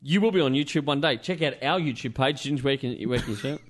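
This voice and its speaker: A man's voice: medium pitch, fast. An Australian man hosting a podcast in casual banter, rambling, swearing and laughing as he talks. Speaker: podcast host.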